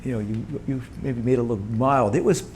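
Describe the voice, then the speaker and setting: A man's voice: mid-range voice, brisk. Guy in his 60s spinning a story on stage, acts out the quotes, faint room hum. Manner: animated, quotes others in lively voices, frequent restarts. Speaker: guest, company co-founder. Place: event room with audience.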